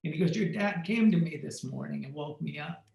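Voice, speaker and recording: Podcast guest, male, high voice, roomy echo; animated storyteller who voices every character in the tale. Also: brisk, gravelly. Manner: acts out quoted dialogue in lively shifting tones. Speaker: podcast guest, fashion photographer.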